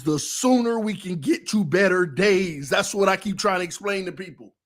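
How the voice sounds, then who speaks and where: High-voiced man ranting on a fan livestream. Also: normal speed, few pauses. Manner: emotional, animated and confessional; casual, repeats himself for emphasis. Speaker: sports fan show host.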